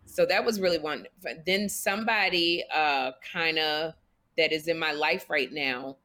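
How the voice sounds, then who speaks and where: Woman, co-host, casual chat, storytelling, lower pitch, stretched-out emphasis. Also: normal speed, pushed and bright.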